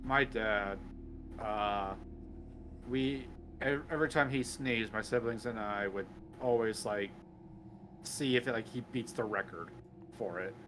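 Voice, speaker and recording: A man chatting casually as a player at a tabletop game, pausing often with fillers. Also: on the low side, fairly bright tone, slight background noise. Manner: halting, full of fillers.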